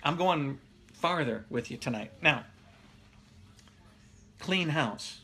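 Bright-voiced pastor, casual and chuckling. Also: male voice, a little high, lively intonation, slow pace, slightly rough. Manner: laughs often, reads viewer comments aloud. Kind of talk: casual live-streamed Bible teaching.

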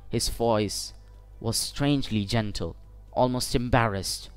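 A man narrating a first-person short story for English learners in a measured, deliberate way. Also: mid-range voice, clean tone, dry recording, faint music behind. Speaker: audiobook narrator.

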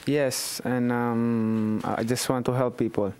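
Guy answering slow with lots of ums, smooth voice, dry close sound. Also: mid-range voice, level tone, darkish tone. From Philippines. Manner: hesitant, many pauses and fillers. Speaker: boxer and politician.

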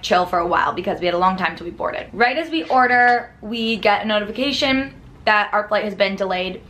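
A woman's voice: mid-range voice, a bit bright. Chatty young woman vlogger telling a story. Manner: chatty, laughing, lots of "like". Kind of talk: casual storytime to camera.

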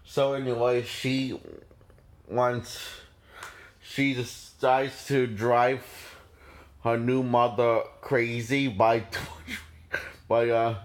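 A man's voice: medium pitch, level tone, slow, long pauses. A man casually reviewing a horror film, rambling with many restarts and frequent laughs.

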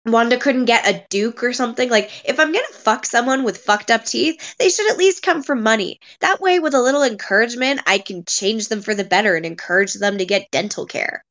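A woman's voice: fairly high pitch, animated, a little fast, hardly any pauses, a bit bright. A woman playing a vain, catty young woman who makes crude jokes. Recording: dull lo-fi sound.

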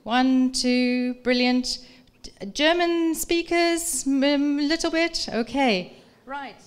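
A woman's voice: sits high, takes it slowly. A middle-aged woman professor giving a public talk in a museum room, reading aloud and then polling the audience with questions in an engaging, articulate way.

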